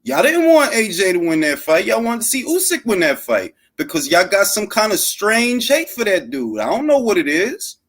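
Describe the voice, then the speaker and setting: Hosting a late-night boxing talk show, a man rambles animatedly and unscripted, full of slang, swearing, and fillers. His voice is high-pitched, at normal speed, with hardly any pauses.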